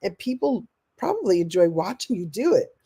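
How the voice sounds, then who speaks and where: A woman works as a motivational coach teaching a live online masterclass, her warm, mellow, husky voice sitting at medium pitch and normal speed. She stays animated throughout, acting out what people say and reading and answering viewers' comments as she goes.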